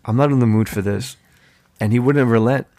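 A man's voice: mid-range voice, brisk, mellow, no room sound. A man telling casual, jokey stories as a podcast guest, in a laid-back way. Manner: laid-back, jokey, mimics voices in anecdotes. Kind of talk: casual storytelling.

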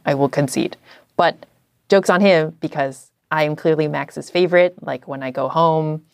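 In this relaxed interview, a low-voiced Canadian journalist is the guest, spinning animated stories packed with casual fillers. Her voice is recorded close and dry, with no room sound at all.

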